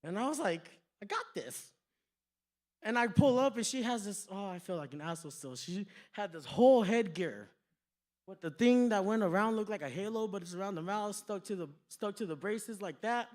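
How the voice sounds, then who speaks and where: A man performs a stand-up comedy set on a club stage. His voice sits high for a man, and he tells his stories in an animated, profane way. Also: fairly quick.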